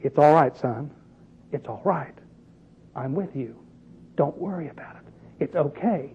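A preacher voicing God the Father as a gentle, comforting man who speaks softly and low. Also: moderate pace, phone-quality sound. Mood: soothing. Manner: hushed, soothing, very soft.

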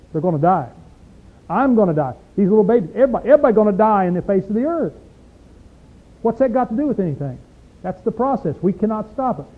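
A man preaches in a homely, talk-to-you way, firing questions at his listeners. His voice sits high, and the recording is thin and tinny, like a phone line. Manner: folksy, conversational, asks the listeners questions. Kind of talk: sermon.

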